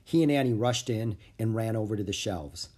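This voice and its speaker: A man narrating a children's book aloud with clear, expressive storytelling. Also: lowish voice, a little fast. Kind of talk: audiobook reading of a children's book.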